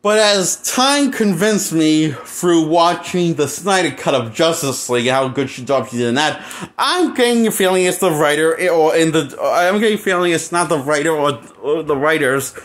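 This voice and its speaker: A man's voice: on the high side, expressive, moderate pace, a bit bright. A man in a crude, mocking, casual ranting review of a film, laughing at his own jokes. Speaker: movie reviewer.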